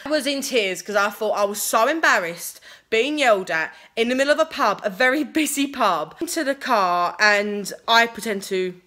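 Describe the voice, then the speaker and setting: A woman's voice: on the high side, expressive, normal speed, pushed and bright. A young woman telling a dating story on her vlog in a chatty, sweary way, full of fillers. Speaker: vlogger. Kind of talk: casual storytime.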